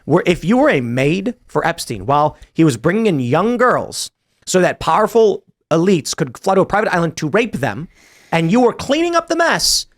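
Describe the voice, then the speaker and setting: Man podcast host, a touch high-pitched, sarcastic commentary over the news. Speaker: show host. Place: podcast studio.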